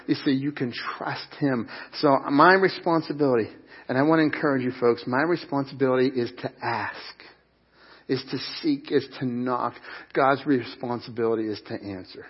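A man's voice: mid-range voice, normal speed, husky, dull audio. A middle-aged man preaching a sermon at a church service, earnest and emphatic, with repeated phrases. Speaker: pastor.

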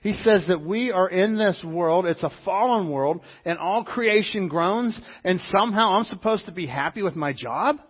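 A male pastor delivers an animated sermon, repeating his key lines for emphasis and slipping into quick impressions of other people. His voice is husky and sits a little high for a man. The recording sounds dull and lo-fi. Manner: animated preaching with mimicked voices and repetition.

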